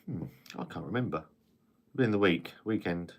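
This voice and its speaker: Low-voiced man rambling on a live stream. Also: expressive, normal speed. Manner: rambling, frequent restarts and casual swearing. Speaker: live-stream host reading viewer comments. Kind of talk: casual live-stream chat.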